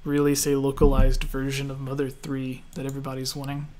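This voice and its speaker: A relaxed man from Canada hosts a casual gaming podcast. His voice sits at an ordinary middle pitch. He chats easily and laughs often while reading out listener questions. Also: brisk, slight background noise. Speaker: podcast host.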